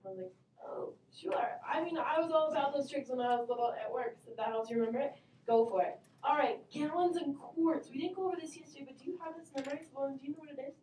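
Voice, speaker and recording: Brisk and upbeat, a woman with a fairly high, mellow voice leads a math class, asking questions and calling on one student after another. A distant camera mic captures her, making the sound roomy and far off, with a faint hum.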